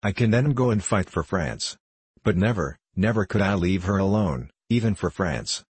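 A man's voice: deep voice, lively intonation, moderate pace, slightly rough, dry recording. A man voicing a grieving, frantic young soldier in a storybook reading, pleading in an anguished way.

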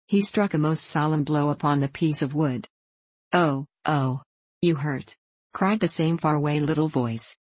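A woman narrating a classic children's storybook in a measured, plain manner. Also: deep voice, darkish tone, husky, no room sound. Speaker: audiobook narrator. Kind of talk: storybook reading.

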